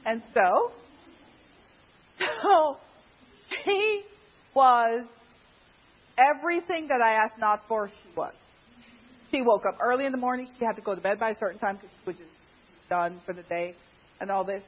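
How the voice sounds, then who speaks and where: A woman from Guyana tells a personal story in a casual, chatty way, speaking at a moderate pace with long pauses. She laughs often and her pitch jumps animatedly, all on a dull lo-fi recording.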